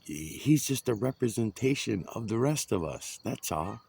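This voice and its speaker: A man's voice: lowish voice, animated, unhurried, creaky, a little mellow, breathy edge. A man rambling and ranting outdoors, swearing often. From United States. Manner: profane, ranting. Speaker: vlogger.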